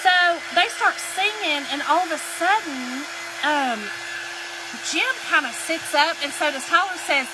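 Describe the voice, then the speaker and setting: Lady chatting a story while crafting, highish voice, hair dryer whirring behind. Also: expressive, unhurried. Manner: chatty, folksy storyteller, greets commenters. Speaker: crafter and live streamer. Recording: hair dryer noise in background.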